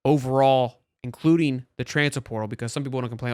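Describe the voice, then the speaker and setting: Man, sports talk host, mid-pitched, animated and quick, dry close sound. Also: no echo. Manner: animated, talks fast with restarts.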